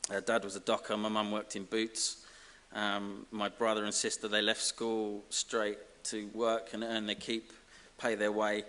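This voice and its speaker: A man from giving a self-deprecating, comic acceptance speech as an honorary graduate, halting over fillers. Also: lowish voice, monotone, bright, forceful tone. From Essex, England. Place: large ceremony hall. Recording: reverberant hall with faint hiss.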